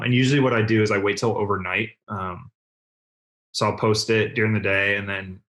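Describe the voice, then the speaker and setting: A young man with a lowish voice talks loosely and at length as a podcast guest. He rambles with plenty of fillers and acts out his own past thoughts. Casual, unscripted chat. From Cleveland, Ohio. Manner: relaxed, rambling with many fillers and self-quotes. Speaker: guest, car content creator.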